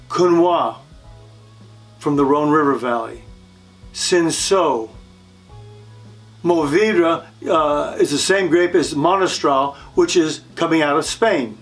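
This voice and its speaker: Slightly high-voiced man teaching about wine. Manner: friendly, repeats words, frequent fillers. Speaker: wine educator. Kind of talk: instructional video presentation.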